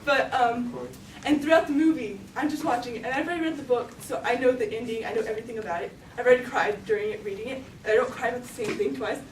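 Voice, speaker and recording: High-pitched teen girl storytelling on stage, giggly, lotsa "like", roomy far-off mic. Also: quick pace, a little hiss or hum. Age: teens. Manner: giggly, lots of "like". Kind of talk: live storytelling. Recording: roomy, distant mic, faint ambience.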